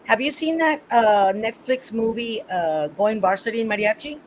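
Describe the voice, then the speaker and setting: A woman's voice: on the high side, normal speed, slight background noise, poor audio. A woman hosting a radio talk show, asking questions enthusiastically with many fillers and restarts. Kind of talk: casual radio interview.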